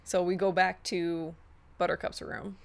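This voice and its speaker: A woman's voice: fairly low pitch, flat delivery, measured pace, vocal fry. A woman co-hosting a casual movie recap, chiming in eagerly with agreement and fillers. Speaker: podcast co-host.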